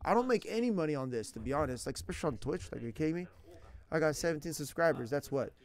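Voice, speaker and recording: A man's voice: a little high, lively intonation, rapid-fire. A man in his thirties chatting casually as a language teacher streaming online, slangy, rambling and earnest. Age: 30s. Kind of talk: casual chat.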